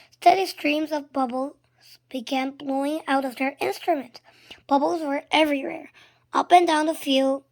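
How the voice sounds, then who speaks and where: Woman narrating a children's book read-aloud; expressive, often hushed, high voice with a gravelly edge. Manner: expressive, shifting between loud and hushed. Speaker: storybook reader.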